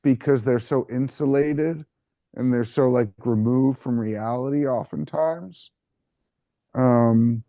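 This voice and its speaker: A man's voice: mid-range voice, dry recording, narrow, tinny audio. A man hosting a podcast in casual chat. He rambles and leans on fillers like "you know" and "like.". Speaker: podcast host.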